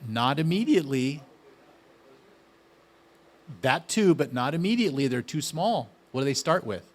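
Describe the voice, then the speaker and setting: A man leads a gardening lesson. His voice sits a little high, and he talks in a chatty, excited way. He keeps turning questions back to his audience. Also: normal speed. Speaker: gardening speaker. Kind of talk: casual outdoor garden talk.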